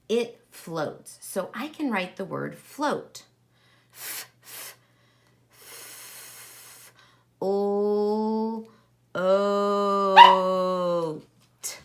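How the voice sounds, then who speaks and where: A woman teaching a kindergarten lesson, talking directly to young children in a warm, exaggerated teacher voice with wide swings. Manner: slow, sing-song teacher voice with big pitch swings.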